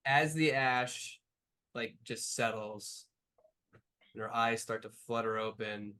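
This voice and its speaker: A man's voice: medium pitch, slow, bright, forceful tone, clean tone. Rambling male game master narrating. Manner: loose, rambling narration with many fillers.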